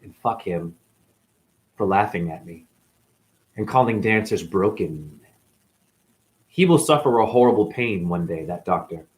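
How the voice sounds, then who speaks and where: A man from New England delivers a rambling spiritual monologue, his pitch climbing and dropping a lot. He swears freely and swings from low mutters to sudden loud bursts. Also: animated, measured pace, pauses often. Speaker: spiritual teacher, former dancer.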